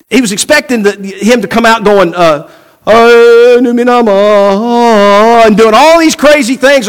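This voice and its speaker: A man's voice: high-pitched, fairly bright tone. A man preaching a sermon, asking rhetorical questions and acting out quoted voices. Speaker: pastor.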